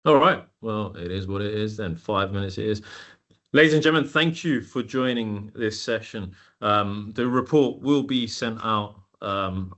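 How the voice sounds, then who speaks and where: A man hosting a webinar over a video call, talking in a loose, relaxed way with many fillers. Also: fairly low pitch. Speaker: webinar host.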